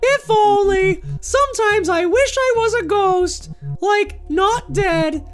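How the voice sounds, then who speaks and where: A woman voicing a touchy, earnest young woman student in a high, indignant voice. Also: takes it slowly, faint music behind. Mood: wistful.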